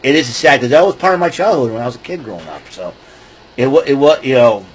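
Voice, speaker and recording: A middle-aged podcast host talks fast and expressively in a mid-range, breathy voice during a casual solo show. He rambles, restarts, laughs, and breaks into goofy voices, all captured in poor audio.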